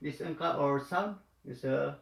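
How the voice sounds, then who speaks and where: Man, very slow lesson, halting with fillers, echoey room. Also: fairly high pitch, gravelly. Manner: halting, many fillers, repeats each phrase. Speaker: language teacher.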